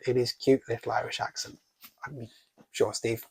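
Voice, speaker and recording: A man's voice: medium pitch, level tone, fairly quick, creaky, husky, no room sound. A man reviewing a horror film in a casual scripted style, sarcastic and swearing freely.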